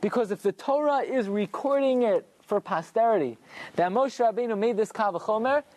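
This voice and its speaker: A man's voice: high-pitched, moderate pace, darkish tone, dry recording. A man teaching a Torah lesson in a classroom, working through rhetorical questions and answering them himself.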